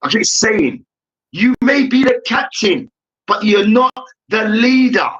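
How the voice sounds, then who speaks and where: Ranting young man, high bright voice. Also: animated, slow pace. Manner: ranting, profane, repeats "hear me now". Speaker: debate show host. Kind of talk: heated sports debate. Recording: dull lo-fi recording.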